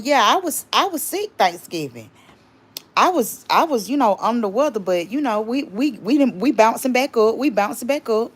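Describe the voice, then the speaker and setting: A woman's voice: on the high side, sing-song, normal speed, husky. A woman hosting a casual livestream, rambling chattily and stopping to greet and thank viewers. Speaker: livestream host.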